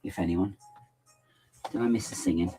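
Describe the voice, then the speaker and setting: A man's voice: low voice, moderate pace, dark tone, soft background music. A man chatting casually on a livestream while building, rambling and muttering to himself with playful asides, his throat bothering him. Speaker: LEGO builder livestreaming to chat.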